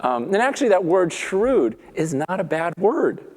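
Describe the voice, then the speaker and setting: A man preaching from the pulpit, retelling a story with lively energy and voicing its characters as he goes. His voice sits somewhat high for a man. A long reverb from the large hall trails after each phrase. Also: moderate pace. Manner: animated storytelling, acts out the characters' lines. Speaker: pastor. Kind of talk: sermon.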